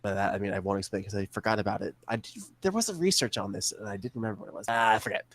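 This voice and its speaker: A young male podcast co-host talks bluntly and swears freely in casual chat, often self-deprecating. His lowish voice is a bit bright and very fast, with no room sound.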